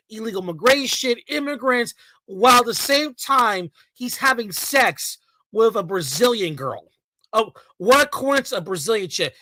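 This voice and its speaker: A man's voice: very high-pitched, pushed and bright, no room sound, rough recording. A man ranting in a heated, profane reaction commentary, full of mocking and sarcastic asides.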